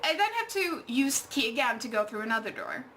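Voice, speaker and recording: A woman's voice: on the high side, very animated, quick pace, bright, forceful tone, a little hiss or hum. A young adult woman vlogging at home, telling an exasperated story full of fillers and swearing. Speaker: art vlogger. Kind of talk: casual storytime vlog.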